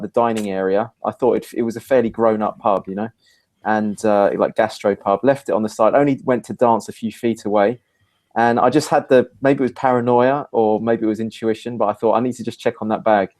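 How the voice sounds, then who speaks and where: A man, hosting a talk show and telling a lively personal story in casual conversation. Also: fairly quick. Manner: animated storyteller, rising pitch when acting out his own quoted lines. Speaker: podcast host.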